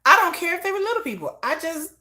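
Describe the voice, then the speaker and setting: Animated, bright-voiced woman livestream host. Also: very high-pitched, fast talker. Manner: animated storytelling, acts out quotes, laughs often; self-described shy introvert. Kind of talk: casual chat.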